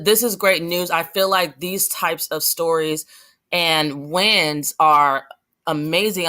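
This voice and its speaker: A woman's voice: low-pitched, a bit bright. A young adult woman giving passionate, rambling commentary on her vlog, with many fillers and restarts. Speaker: vlogger.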